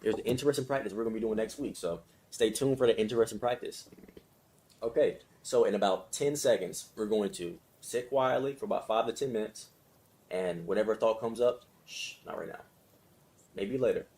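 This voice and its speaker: A man's voice: on the low side, brisk, a little mellow. A man leading a casual self-help lesson and guided meditation, talking conversationally, repeating himself and checking in with his listeners. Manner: conversational, repetitive, with frequent check-ins; laughs between phrases. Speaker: self-help study leader.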